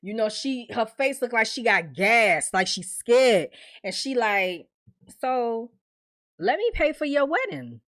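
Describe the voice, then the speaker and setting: A woman's voice: on the high side, big pitch swings, takes it slowly, a bit bright. A woman casually recapping a TV episode in AAVE slang, acting out the characters' lines as she goes. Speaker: TV recap host.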